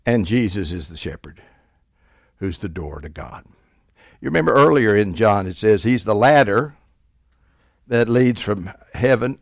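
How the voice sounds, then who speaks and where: A man preaching with strong emphasis, his voice climbing louder and higher whenever he quotes scripture, then dropping low and quiet for asides. His voice sits at an ordinary middle pitch. The sound is close and dry, with no room echo. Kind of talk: sermon.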